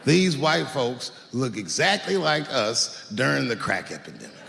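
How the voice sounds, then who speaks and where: A man in his forties doing a stand-up comedy routine, telling drawling stories that swing between low mutters and sudden high, incredulous yelps. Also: sing-song, unhurried, creaky, sharp tone. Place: large theater stage with live audience. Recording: live theater recording with hall reverb.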